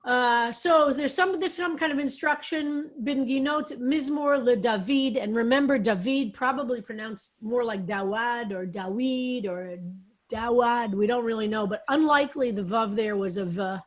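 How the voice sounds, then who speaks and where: A woman's voice: fairly high pitch, moderate pace, hardly any pauses. A woman rabbi leading an online psalm study, explaining Hebrew words and roots on a video call. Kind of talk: online Bible study class.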